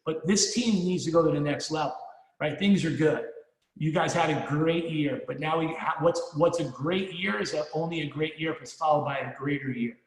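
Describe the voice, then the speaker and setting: Man, motivational speech, rallying and profane, gravelly, big reverberant hall. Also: a little high, moderate pace. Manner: punchy, rallying, repeats himself, swears casually. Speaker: motivational speaker at a sales meeting. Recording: echoey hall, long reverb.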